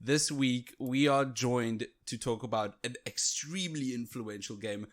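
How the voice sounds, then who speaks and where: Animated, laughing male podcast co-host. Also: medium pitch, a little slow. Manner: animated, playful, laughs often. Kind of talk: casual podcast chat. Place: home setup on a remote call.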